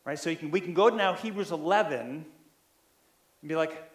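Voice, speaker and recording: A man preaching in a loose, conversational way, slightly higher-pitched than most men. He keeps asking his listeners whether they follow and builds up in force as he drives a point home. His voice rings in a roomy, echoing space. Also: brisk. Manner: animated, builds in loudness when stressing a point. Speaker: pastor. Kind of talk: sermon.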